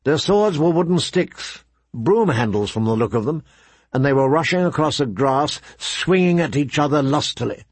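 Male audiobook narrator, husky, mid-pitched, dry close recording. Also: animated, normal speed, dry recording.

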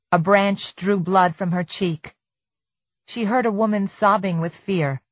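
A woman narrating an audiobook in a measured, tense storytelling manner. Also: fairly low pitch, no echo. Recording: slightly dull dry studio recording.

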